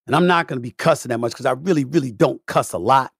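A middle-aged man hosting a podcast, delivering an opinionated monologue with a repetitive, preacher-like cadence, swinging between low mutters and loud, profane bursts. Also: fast, creaky, few pauses, slightly rough, no echo, studio quality. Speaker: podcast host.

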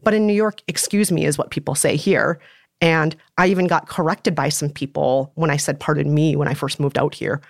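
A woman's voice: deep voice, fairly even intonation, a little fast, gravelly, dry recording, clean studio sound. A woman co-hosting a podcast, talking earnestly and reading listener letters aloud. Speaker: podcast co-host. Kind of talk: casual chat.

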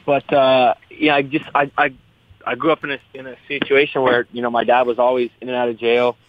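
A man's voice: medium pitch, flat delivery, fairly quick, slight background noise. A young man, a fighter, talking in a casual interview, rambling, repeating his words and swearing freely. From US West Coast. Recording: tinny phone-like line.

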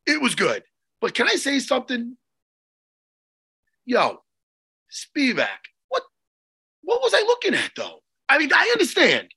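Animated raspy New man. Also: extremely high pitch, measured pace, pauses often. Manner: animated, rambling, jokey. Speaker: co-host, jiu-jitsu coach. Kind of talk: excited casual chat.

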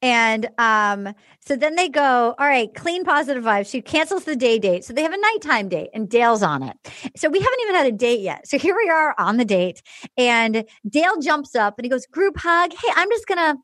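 A woman's voice: fairly high pitch, sing-song, normal speed, a bit bright, no room sound. A woman hosting a comedy podcast, recapping a show and acting out the people she quotes.

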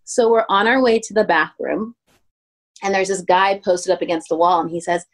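A woman in her thirties, a pastry chef guest telling stories in a casual interview, acting out quoted voices with sudden pitch jumps. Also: moderate pace. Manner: animated, acts out quotes with lively pitch jumps. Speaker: guest, pastry chef turned ice cream maker.

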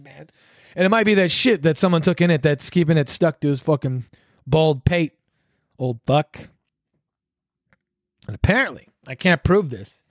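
Male solo podcast host, foul-mouthed sarcastic rant, fairly high voice, dry close sound. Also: no echo. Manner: profane, rambling, sarcastic. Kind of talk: solo ranting commentary.

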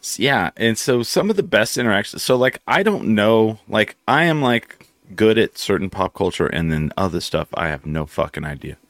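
A middle-aged man hosting a casual talk show, telling animated anecdotes and swearing freely. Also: fairly low pitch, normal speed, no room sound. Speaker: podcast host. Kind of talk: casual chat, storytelling.

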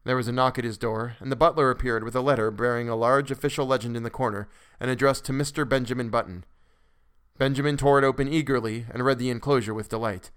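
Smooth-voiced man narrating a story. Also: mid-range voice, fairly even intonation, fast talker, a bit bright. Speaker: podcast narrator. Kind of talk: scripted narration of a classic story.

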